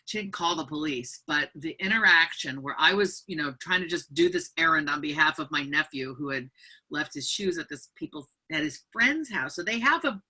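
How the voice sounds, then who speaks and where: A woman's voice: sits low, normal speed, slightly rough. A woman author speaking as a guest over a video call, animatedly telling a story and reading from her book. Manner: animated, acts out other people's voices.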